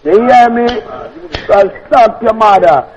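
A man who runs the phone at a restaurant, blunt and firm with a slightly high voice. The dull, muffled phone line softens his words as he curses back. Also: takes it slowly, a little hiss or hum. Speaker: restaurant worker answering a call.

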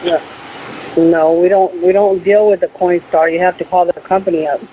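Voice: mid-range voice, steady tone, normal speed, warm tone, a little hiss or hum. A store employee answering a phone call, matter-of-fact and a bit puzzled. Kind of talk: phone customer service.

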